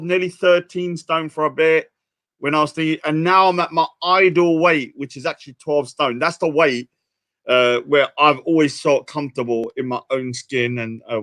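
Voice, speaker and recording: Young British man hosting a livestream, rambling and self-mocking, bright and fairly high voice. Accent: British English. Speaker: livestream host. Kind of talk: casual livestream chat.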